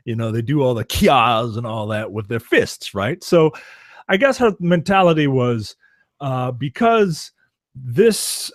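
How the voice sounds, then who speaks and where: A man co-hosting a casual film podcast, dropping wry jokes in a dry delivery. His voice sits at a middle pitch, recorded close with no room sound. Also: expressive, a little slow, no echo. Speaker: podcast co-host. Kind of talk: casual movie discussion.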